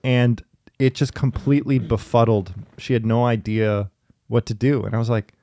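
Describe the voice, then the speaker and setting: A man in casual conversation, telling stories in a chatty, lively way with laughing asides. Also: mid-range voice, moderate pace, dry recording, studio quality. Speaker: podcast guest in therapy talk. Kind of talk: casual storytelling.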